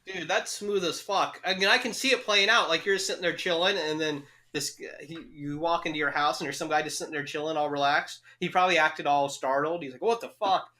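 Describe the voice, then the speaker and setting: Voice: medium pitch, fairly even intonation, fairly quick, hardly any pauses, sharp tone. A podcast co-host in casual chat who laughs often and acts out little scenes.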